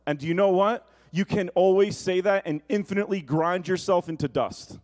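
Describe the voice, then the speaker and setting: A man preaching a sermon, animated and conversational, often asking the congregation questions. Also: sits high, normal speed.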